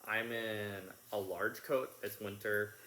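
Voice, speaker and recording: A young man casually telling a family story with his wife, animated in the lively parts. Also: on the low side, slow. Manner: animated, shouting in re-enacted bits. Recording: echoey room with noise.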